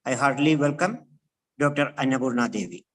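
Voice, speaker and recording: A man's voice: mid-range voice, fairly quick, fairly bright tone. Male moderator, formal intros, distant mic. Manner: formal announcing. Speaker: session moderator.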